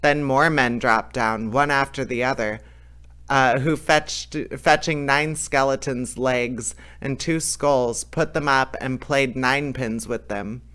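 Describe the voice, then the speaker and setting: A man reading a fairy tale aloud in a lively way, with small slips and restarts. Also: medium pitch, takes it slowly. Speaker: storyteller.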